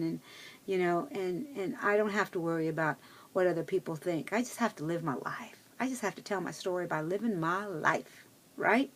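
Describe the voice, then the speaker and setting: A middle-aged woman talking to her viewers in a casual personal vlog, chatty and rambling, with many fillers and restarts. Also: fairly low pitch. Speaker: vlogger.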